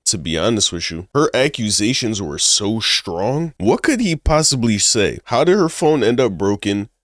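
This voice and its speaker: A man's voice: fairly low pitch, sing-song, normal speed, no echo, clean studio sound. A man giving casual reaction commentary, firing off incredulous rhetorical questions and saying "bro" a lot.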